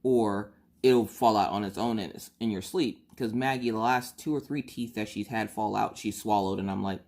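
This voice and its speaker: A woman in her thirties chatting casually on her vlog, telling a family story in an animated, exasperated way. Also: rumbling low, moderate pace. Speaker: vlogger.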